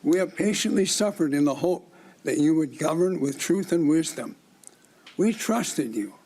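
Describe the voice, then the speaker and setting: Older man, gravelly, somewhat high voice, declamatory testimony. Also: expressive, moderate pace, mellow, poor audio. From Minnesota. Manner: declamatory, accusatory. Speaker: public testifier. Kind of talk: prepared public testimony.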